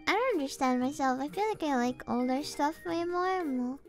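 A woman's voice: high-pitched, animated, normal speed. A young woman streaming casually, giggling often, talking about herself in the third person and dropping a cute "mo" tic. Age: young adult. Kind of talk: casual livestream chat. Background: faint background music.

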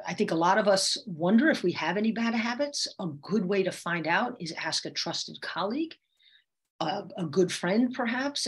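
A woman communication coach leads a webinar over a video call, speaking in a slightly husky, mid-range voice. She teaches in an explanatory way and often shifts her voice to show what she means. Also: mid-range voice. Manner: demonstrative, shifts her voice to illustrate points.

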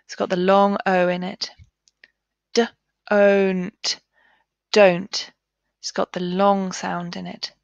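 A woman teaching a children's phonics lesson, sounding out letters and words slowly and clearly. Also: lowish voice, completely flat delivery, dry recording, muffled recording.

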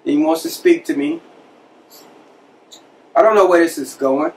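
A man casually telling a personal story from his past as a podcast host, conversational and animated, acting out the people he quotes. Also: a little high, a little slow, recorded from a distance, poor audio.

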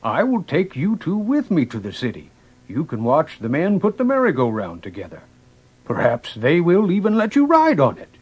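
Papa Paws, a husky kindly woodcarver. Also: male voice, a little high, huge pitch swings, normal speed, a little mellow, dull audio, exaggerated voice. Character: kindly gentle old woodcarver man. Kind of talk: storybook cassette acting.

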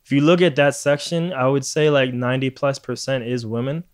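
A man's voice: medium pitch, steady tone, brisk, clean tone. A man from Puerto Rico hosting a casual podcast, ranting with lots of swearing and frequent laughter. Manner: profane, ranting, laughs often. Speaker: podcast host.

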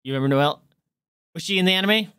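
A woman streamer giving casual gameplay commentary, excitable, swearing and reacting loudly. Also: on the low side, very fast, clear, resonant tone, no echo.

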